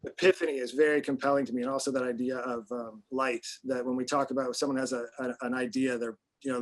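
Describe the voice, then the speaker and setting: A man's voice: mid-range voice, poor audio. A man talking casually on a panel, rambling with many restarts and fillers. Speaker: panel guest.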